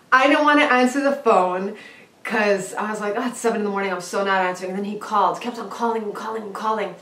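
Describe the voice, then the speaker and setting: A young woman tells a personal story straight to her viewers, lively and chatty, jumping into high excited voices when she quotes herself. She sits a little back from the mic in a roomy space, so the voice carries some echo. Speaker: singer and vlogger. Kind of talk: casual storytelling to camera. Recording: roomy, slightly distant from the mic.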